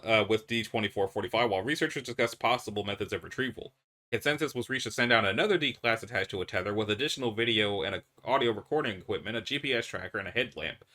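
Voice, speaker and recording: A man narrating a horror report in an even, matter-of-fact reading. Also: fairly low pitch.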